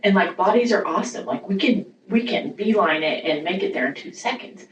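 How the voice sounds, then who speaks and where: A woman's voice: mid-range voice, expressive, fairly quick, lo-fi sound. A woman hosting a parenting podcast, chatting casually and enthusiastically, acting out little quoted lines as she talks. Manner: enthusiastic, affirming, acts out quotes. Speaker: podcast host. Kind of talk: casual conversational interview. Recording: echoey room, distant mic, faint noise.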